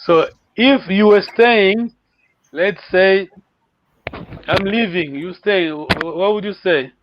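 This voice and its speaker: A man's voice: high-pitched, slow pace, highs cut off, a little hiss or hum. A man teaching a live online language lesson, encouraging learners and repeating words for them to copy.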